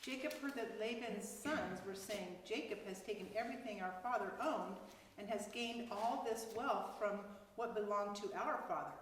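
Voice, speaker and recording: Woman quietly reading a bible passage for the group, far from the mic, very echoey. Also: medium pitch, moderate pace. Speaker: Bible study participant reading aloud. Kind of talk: reading scripture aloud. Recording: distant voice in an echoey hall, faint noise.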